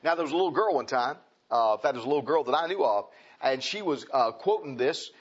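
A pastor preaches in a folksy, conversational way, then builds up to emphatic declarations. His voice is a little husky at a middle pitch. The church recording sounds muffled and lo-fi. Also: animated, fast talker. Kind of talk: sermon. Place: church sanctuary.

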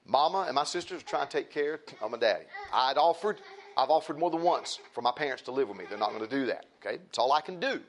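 A man's voice: mid-range voice, expressive, fast, a little hiss or hum. A man preaching a sermon, emphatic and repetitive, with folksy asides to the congregation.

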